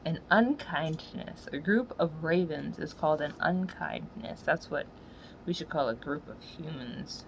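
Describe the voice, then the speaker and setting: A woman ranting in a profane, slangy monologue, swinging from low muttering to loud yelling. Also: measured pace, a little hiss or hum, low-quality recording. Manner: swears constantly, slangy. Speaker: solo podcaster.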